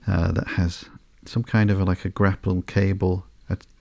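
A man hosting a podcast, reading through a comic book in a slow, sleepy, monotone way with soft fillers. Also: low voice, vocal fry, dry recording. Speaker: podcast host.

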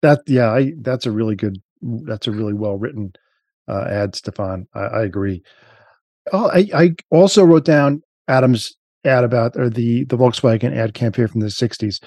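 Mellow-voiced man chatting casually. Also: mid-range voice, moderate pace, dry recording, studio quality. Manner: rambling, frequent restarts and fillers. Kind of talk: casual chat.

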